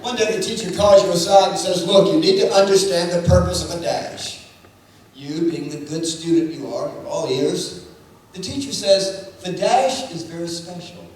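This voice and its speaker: A man doing an animated stand-up comedy routine, drawing out lines and breaking into shouted sound effects. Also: high-pitched, normal speed. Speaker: comedic speaker on stage. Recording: echoey hall from far off, noisy. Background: audience laughter.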